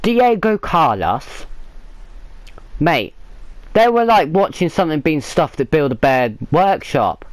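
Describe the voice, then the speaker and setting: A man rants through a fan reaction to a match, blunt and heavy with sarcasm. His voice sits a little high and swings widely up and down. The sound is close and dry, with no room around it. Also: very animated, takes it slowly, pauses often, no echo. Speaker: football fan vlogger.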